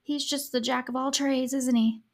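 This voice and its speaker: A woman's voice: sits high, flat delivery, normal speed. A young adult woman hosting a true crime podcast, telling the case in a casual, sarcastic way, full of "like" and swearing freely. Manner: chatty, sarcastic, frequent "like" filler, swears freely. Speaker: podcast host.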